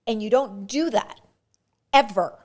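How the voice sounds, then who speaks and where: An actress telling lively stories about her auditions and career in a casual interview. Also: mid-range voice, a little slow. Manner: lively anecdotal, frequent restarts. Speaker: actress guest.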